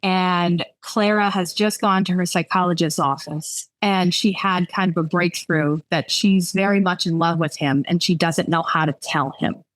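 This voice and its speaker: A woman romance author, chatting candidly and reading aloud from her novel, self-deprecating and quick to laugh. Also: on the low side, steady tone, dry recording, poor audio.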